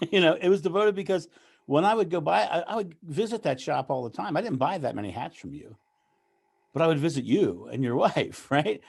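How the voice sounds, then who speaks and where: A man's voice: fairly high pitch, lively intonation, brisk, gravelly, breathy edge. A man interviewing a guest in casual chat, laughing often and restarting his sentences.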